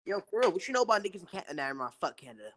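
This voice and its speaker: A man's voice: sits high, very animated, rapid-fire, noisy background. A young man talking brashly in hyped-up slang during casual podcast chat.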